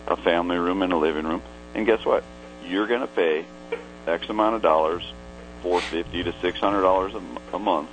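A man's voice: sits low, poor audio. A man co-hosting a religious call-in radio show, talking conversationally and slipping into preachy asides. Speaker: radio co-host.

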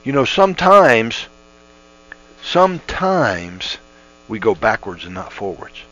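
A man's voice: on the low side, big pitch swings, normal speed, sharp tone. A middle-aged man giving conversational, earnest Bible teaching on the radio, folksy and full of restarts. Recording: dull lo-fi radio audio with mains hum.

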